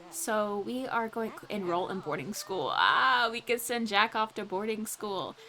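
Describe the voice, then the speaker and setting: A woman's voice: medium pitch, measured pace, pushed and bright. A woman giving casual let's play commentary, chatting and reacting aloud with frequent laughs and exclamations. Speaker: gaming channel host.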